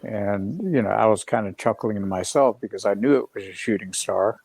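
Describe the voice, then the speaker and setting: A middle-aged man recounting an event over a video call, his voice carrying a gravelly, creaky texture. He talks in a loose, rambling way, full of fillers and restarts. The sound is dry and close, with no room around it. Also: on the low side, brisk, darkish tone, no room sound. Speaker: guest. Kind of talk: casual storytelling on a live video call.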